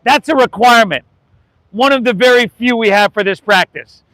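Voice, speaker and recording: A man with an American accent leading a live outdoor yoga class, relaxed and encouraging, calling the students "y'all". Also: extremely high pitch, normal speed, dry recording, poor audio. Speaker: yoga instructor.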